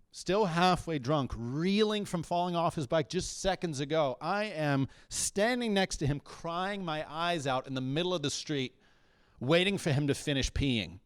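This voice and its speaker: A man's stand-up routine in a small comedy bar comes through clean and echo-free, his voice on the high side. His storytelling is wry and meandering, with frequent mid-sentence self-corrections.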